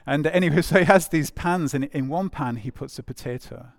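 Gravelly-voiced male preacher, dry sound. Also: fairly high pitch, brisk, no room sound. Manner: conversational, repeats phrases, many fillers. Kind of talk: sermon.

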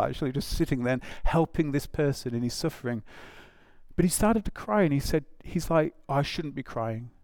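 A man's voice: medium pitch, a little mellow, dry recording, clean studio sound. A man preaching a conversational sermon, informal, often breaking into asides and acting out quotes. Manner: informal, with frequent "it's like" asides and acted-out quotes.

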